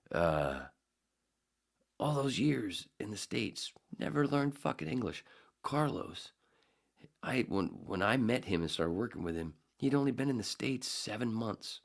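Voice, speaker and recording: Deep-voiced man rambling on a podcast. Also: vocal fry. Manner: profane, jokey, slips into impressions. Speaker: podcast host. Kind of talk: casual solo podcast rambling.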